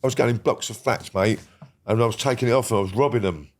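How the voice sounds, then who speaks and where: A man's voice: mid-range voice, fast. A man, talking as a guest about his past in a rambling, blunt way full of swearing, often checking that the listener follows. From Britain. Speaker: guest recounting a criminal past. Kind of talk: casual storytelling conversation.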